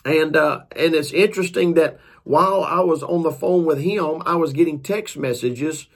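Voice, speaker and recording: A man's voice: a little high, moderate pace. A man, a preacher and author, telling a story in a folksy, earnest, casual way. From Georgia, US.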